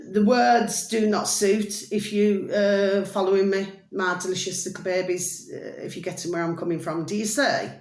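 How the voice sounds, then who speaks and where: Low-voiced rambling woman vlogger. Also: roomy sound. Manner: rambling, repeats pet phrases, emphatic. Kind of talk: casual chat to camera.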